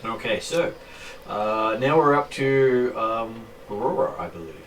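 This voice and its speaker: A man's voice: mid-range voice, measured pace, a bit bright. A man runs a tabletop game in an easy, matter-of-fact way. He sits a little away from the mic, so his voice comes across somewhat distant. A faint hiss lies under the recording. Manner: casual, explains rules patiently. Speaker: game master. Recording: far from mic, faint noise.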